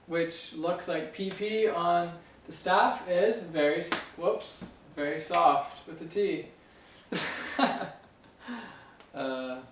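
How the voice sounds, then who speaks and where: A man teaching music theory in a casual, chatty way, full of fillers, joking and correcting himself as he goes. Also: a little high. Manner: chatty, filler-heavy, playful and self-correcting. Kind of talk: casual explanatory lesson. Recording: roomy sound from a distance, faint hiss.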